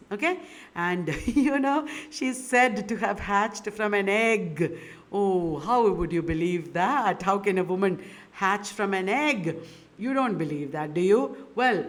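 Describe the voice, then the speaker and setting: A woman giving a literature lecture in a chatty way, often laughing and putting questions to her students. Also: mid-range voice.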